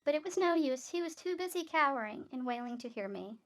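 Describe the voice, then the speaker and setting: Woman streamer, high voice, reads game text, quick asides between lines. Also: animated. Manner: reads aloud, breaks off for asides. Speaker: streamer reading a game aloud. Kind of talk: reading game text with commentary.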